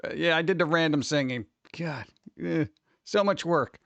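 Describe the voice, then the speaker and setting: High-voiced man rambling on a live stream. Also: moderate pace, vocal fry, dry recording, lo-fi sound. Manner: rambling, excitable, greets chat by name. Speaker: livestream host. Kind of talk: casual live-stream chat.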